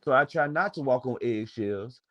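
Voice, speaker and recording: A man in his late twenties tells a story in a loose, casual way, his voice sitting at an ordinary middle pitch. He is wordy and digressive and swears freely as he goes. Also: animated, normal speed, muffled recording. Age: 20s. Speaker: panel speaker.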